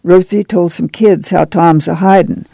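A man's voice: sits high, steady tone, moderate pace, vocal fry, mellow, no echo. A man doing Ma, a weary, firm migrant mother.

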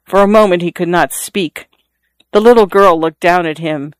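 A narrator reading a literary story aloud in a measured, even storytelling manner. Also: mid-range voice, clean tone, no echo.

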